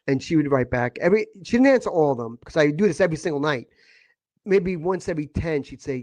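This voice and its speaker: A middle-aged man with a slightly high-pitched voice recounts a painful memory in casual conversation. He stumbles, restarts and repeats himself as emotion surfaces. The sound is dry and close to the mic. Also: animated, a little mellow, no room sound. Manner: emotional, halting, repeats words. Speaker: guest. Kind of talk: casual podcast storytelling.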